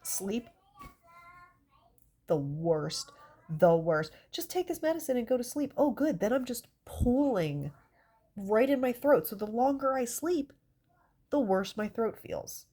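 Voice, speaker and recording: A woman's voice: fairly high pitch, very animated, a little slow, long pauses, mellow, husky. A woman with a stuffy, congested nose, doing a stand-up comedy bit in an exasperated, rambling way, swearing often.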